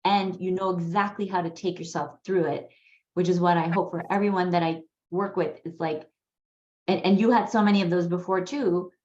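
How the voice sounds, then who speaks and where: A woman's voice: on the low side, fairly even intonation, normal speed, darkish tone. A woman coach who speaks in an affirming, encouraging way. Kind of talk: supportive coaching talk. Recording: echoey, dull room sound with faint noise.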